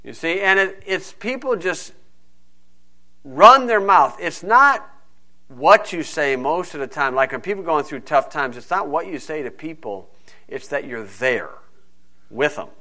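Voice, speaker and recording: Folksy man preaching, bright forceful voice. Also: on the high side. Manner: folksy, digressive Bible teaching. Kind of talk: sermon.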